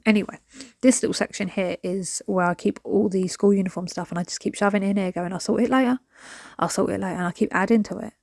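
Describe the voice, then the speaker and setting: A woman talks casually while she tidies her home, rambling from one thought to the next. She often drops to a soft whisper mid-sentence. Her voice sits at a middle pitch and the sound is dry and close. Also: no echo. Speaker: vlogger. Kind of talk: casual chat while decluttering.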